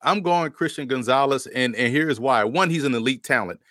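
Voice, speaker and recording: A man's voice: medium pitch, normal speed, a bit bright, dry recording, studio quality. A man, a guest analyst, explaining his picks with confident, point-by-point reasoning. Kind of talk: casual sports analysis.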